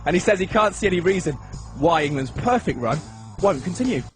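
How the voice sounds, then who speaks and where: A British man delivering a sports bulletin, slightly out of breath, his voice a touch raised. Clear music plays under him. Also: high-pitched, lively intonation, a little fast. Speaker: sports reporter.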